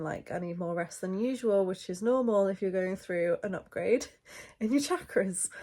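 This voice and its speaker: A woman's voice: mid-range voice, a little mellow. A young woman talks casually to camera while still in bed. Her voice is a bit stuffy from a recent head cold. She rambles in a friendly way, with plenty of fillers. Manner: chatty and rambling, many fillers. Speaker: vlogger. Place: in bed, indoors.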